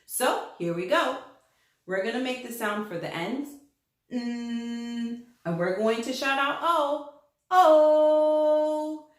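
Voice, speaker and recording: A woman's voice: a little high, slow, heavy reverb. A woman teaching a children's reading lesson, telling it as a story and acting out the letters. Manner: animated storytelling, acts out letters' lines.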